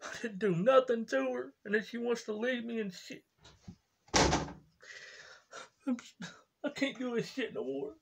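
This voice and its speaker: A man's voice: sits high, animated, takes it slowly, creaky, very noisy, voice pushed up, exaggerated voice. A man voicing a heartbroken young man who cries out his anger in tearful, whiny lines that trail off into whispers, in a comedy skit. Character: weepy heartbroken young man, sobbing over a breakup.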